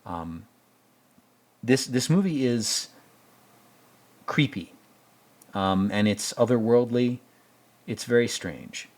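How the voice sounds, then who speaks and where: A man's voice: mid-range voice, lively intonation, slow, pauses often. A man hosting a casual film commentary, rambling and stammering with joking asides. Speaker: host.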